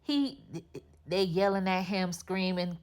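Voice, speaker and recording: A woman giving a casual, animated recap of a TV episode, full of slang and her own commentary. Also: lowish voice, takes it slowly. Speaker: TV recap host.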